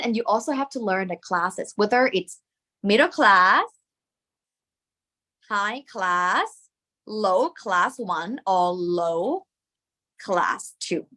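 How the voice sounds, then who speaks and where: A woman's voice: fairly high pitch, pushed and bright. A woman with a Thai accent teaching a language lesson, patiently repeating sounds for learners to copy.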